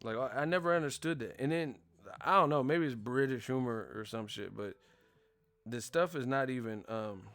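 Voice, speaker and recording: Speaking at normal speed with a medium-pitched voice, a young boxing live-stream host goes on a loose, profane rant over a dry recording. He's lively and drops into impressions of the folks he's describing.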